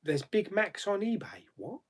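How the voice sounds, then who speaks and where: A man's voice: sits high, lively intonation, measured pace, slightly rough. A man hosting a casual live chat, reading viewer comments aloud and answering them with frequent laughs. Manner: chatty, laughs often, reads comments aloud then answers. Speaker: YouTube host.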